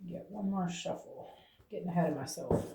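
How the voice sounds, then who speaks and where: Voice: medium pitch, moderate pace, crowd noise. A tarot reader giving a channeled reading to viewers, talking aloud to Spirit and tagging phrases with "okay?". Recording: roomy echo.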